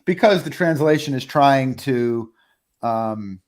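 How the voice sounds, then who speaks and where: A man co-hosts a relaxed conversation. He mostly chimes in with brief, agreeable affirmations and now and then adds a thought of his own. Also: mid-range voice, slow pace. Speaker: co-host. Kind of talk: casual chat.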